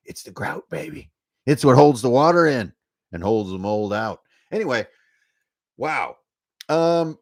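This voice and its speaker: Folksy drawling man, rambling vlog chat. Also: mid-range voice. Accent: folksy rural American drawl. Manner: jokey, profane, self-mocking asides. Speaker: tabletop game designer and channel host. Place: indoor studio with shelves.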